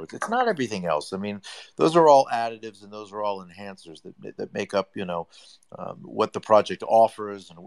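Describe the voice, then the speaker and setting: A man's voice: on the low side, vocal fry. A man on an audio chat, giving long, rambling, effusive praise in a casual way. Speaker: community member on an audio chat.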